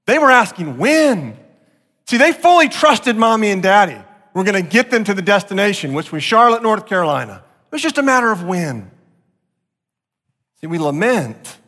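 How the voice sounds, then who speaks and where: High, bright-voiced male preacher in a reverberant hall. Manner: expressive, acts out quotes with sharp jumps in pitch. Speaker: pastor. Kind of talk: sermon. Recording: long reverb of a large hall.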